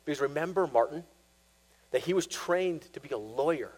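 A man preaching a sermon, animated, acting out quoted voices as he teaches. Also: fairly high pitch, fairly quick, low-quality recording.

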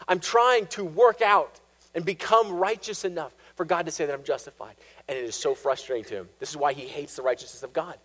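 Animated high-voiced man preaching. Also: fairly quick, rough recording. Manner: animated, acts out quotes. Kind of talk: sermon.

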